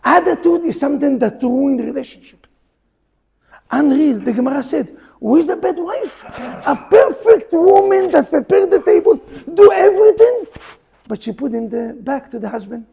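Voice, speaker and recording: High-pitched gravelly rabbi, joking. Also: male voice, animated, normal speed. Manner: jokey, full of rhetorical questions, bursts into loud quoted rants; broken non-native English grammar. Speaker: rabbi giving a class. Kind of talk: humorous Torah class. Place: synagogue hall.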